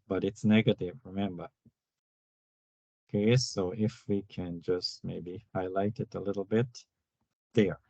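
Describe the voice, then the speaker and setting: A low-voiced man talks slowly through a tutorial, step by step, pausing to check in with his students. The sound is dull and lo-fi, with a dry, close feel and no room around it. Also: gravelly, darkish tone, dry recording. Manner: unhurried, explanatory, frequent "all right" check-ins. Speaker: instructor. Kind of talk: screen-recorded tutorial walkthrough.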